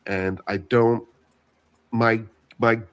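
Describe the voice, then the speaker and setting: A man on a discussion panel, reasoning aloud in a measured way. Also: lowish voice, level tone, clear, resonant tone. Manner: measured, reasons aloud, hedges his opinion.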